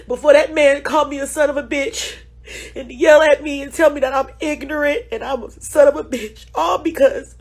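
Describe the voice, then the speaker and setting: A high-pitched woman talks through tears. Her voice breaks as she pleads with her audience and speaks to them directly and warmly. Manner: pleading, repeats "y'all". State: tearful, crying. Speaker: state representative. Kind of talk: emotional phone video testimony.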